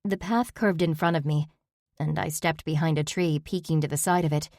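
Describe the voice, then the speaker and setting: Audiobook narrator, woman, low-pitched, steady first-person reading. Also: normal speed, dry recording, clean studio sound.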